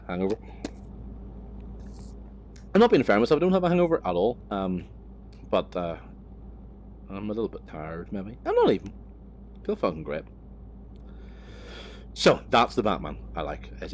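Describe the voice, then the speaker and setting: Man, low voice, rambling vlog chat, sweary, self-mocking, driving, faint hum behind. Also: a little mellow. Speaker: vlogger. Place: driving a vehicle on the road.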